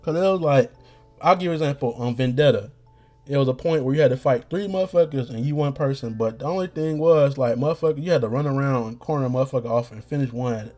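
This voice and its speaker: A hoarse young man hosts a podcast, rambling in slangy, profane talk full of restarts. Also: medium pitch, fast talker, darkish tone, soft background music. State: getting hoarse. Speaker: podcast host. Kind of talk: rambling casual monologue.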